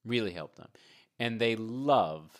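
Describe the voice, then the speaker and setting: A man co-hosting a casual podcast, excitable and rambling, laughing often. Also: fairly low pitch, measured pace. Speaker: podcast co-host.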